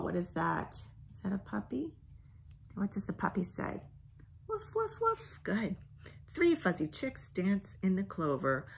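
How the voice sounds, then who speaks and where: A librarian, a woman, reads a picture book to kids at bedtime, asking gentle questions and letting her voice fall to a near-whisper. She has a mid-range voice with vocal fry, and slight background noise can be heard.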